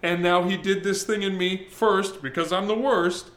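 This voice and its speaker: A man preaching a sermon as pastor, in a conversational, emphatic way, slowing to read scripture. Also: high voice, steady tone, a bit bright. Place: church service, streamed.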